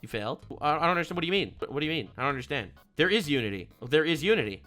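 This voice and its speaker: A man streaming a reaction to a video, ranting loudly and repetitively with plenty of profanity. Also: fairly high pitch, big pitch swings, racing, faint music behind. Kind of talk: heated reaction commentary.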